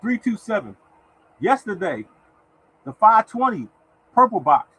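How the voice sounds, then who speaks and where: Over poor audio with a little hiss or hum, a man with a high, pushed, bright voice speaks a little slowly and very animatedly. He is hosting a casual motivational livestream with lottery picks, repeatedly urging "y'all" on and pausing to thank viewers in the chat by name.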